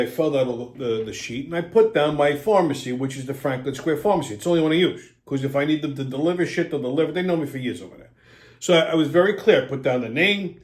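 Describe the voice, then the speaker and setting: A man's voice: medium pitch, echoey room. A man, telling a long profane story in an exasperated, casual way as host.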